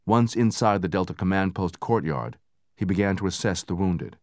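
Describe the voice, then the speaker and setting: A man narrating a book in steady, measured scripted narration, raising his voice for the soldiers' lines. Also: deep voice, no room sound, clean studio sound. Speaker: audiobook narrator.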